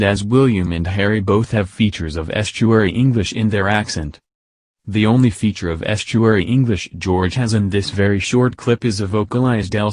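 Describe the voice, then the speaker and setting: A man reading scripted news narration in a steady read-aloud delivery. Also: lowish voice, no room sound.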